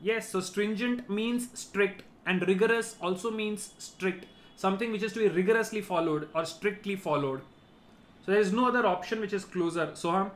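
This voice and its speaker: A man's voice: high-pitched, moderate pace, a bit bright. A man giving a vocabulary lesson, explaining each word and checking in with "right?". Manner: explanatory, repeats key words, ends points with "right?". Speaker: teacher.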